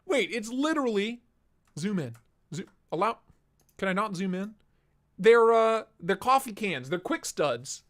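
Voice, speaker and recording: A man's voice: high-pitched, sing-song, measured pace, a bit bright. A young man hosting a casual live stream through a voice changer, chatting loosely and reading out chat messages.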